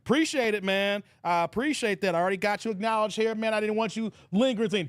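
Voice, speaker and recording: A man hosting a casual online reaction show, joking and animated, shouting out viewers. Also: high-pitched, fast talker, clear, resonant tone, no room sound, clean studio sound. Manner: animated, joking, laughs often. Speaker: YouTube commentary host.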